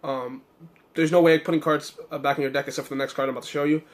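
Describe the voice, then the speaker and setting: Casual man, a bit hoarse. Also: a little high, flat delivery, rapid-fire. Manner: rambling, many fillers and self-corrections. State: slightly hoarse, losing his voice. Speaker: card game deck reviewer. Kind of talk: casual deck walkthrough.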